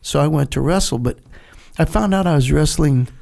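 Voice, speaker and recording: Gravelly older man telling a war-veteran story. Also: fairly high pitch, normal speed. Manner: animated storyteller, acts out dialogue, laughs often. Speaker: guest, retired Navy SEAL. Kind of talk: storytelling in a podcast interview.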